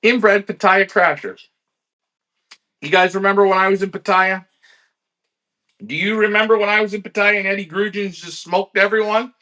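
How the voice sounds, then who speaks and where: A man hosting a live-streamed pigeon auction, energetic and salesy, talking straight to his viewers. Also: sits high, fairly quick. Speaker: livestream pigeon auction host.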